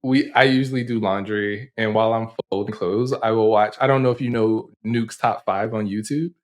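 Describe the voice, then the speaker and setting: A man co-hosting a podcast in casual chat, who laughs often and tells animated, rambling stories. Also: fairly low pitch, normal speed. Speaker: podcast co-host.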